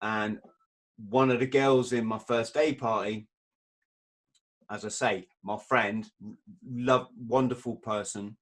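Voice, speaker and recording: A man's voice: on the low side, steady tone, slow, long pauses. A man hosting a podcast who tells candid stories, swearing freely and repeating words as he searches for them. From Britain. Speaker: podcast host. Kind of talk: candid storytelling in conversation.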